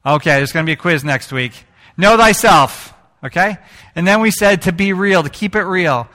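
A man's voice: fairly high pitch, brisk, sharp tone. A man preaching a conversational sermon to his congregation as pastor. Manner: conversational, with playful put-on greetings.

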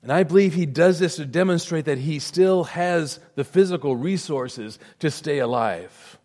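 A male pastor delivering a sermon in a slightly high voice. He leans hard on key words, then sinks into a quiet, grave hush. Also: normal speed. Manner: emphatic preaching, swells loud then drops to a hush.

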